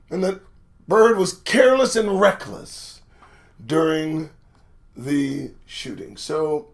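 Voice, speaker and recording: A man with a fairly high voice reads the news on his own show and riffs on it. His commentary is profane and lively, sliding between low muttered asides and loud outbursts. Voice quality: animated, profane, swings from muttering to shouting. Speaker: host.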